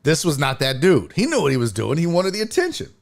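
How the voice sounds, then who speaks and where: Lively man telling a story. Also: fairly high pitch, fast talker, creaky. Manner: animated, profane, with frequent restarts. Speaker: host and stand-up comedian. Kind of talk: casual storytelling.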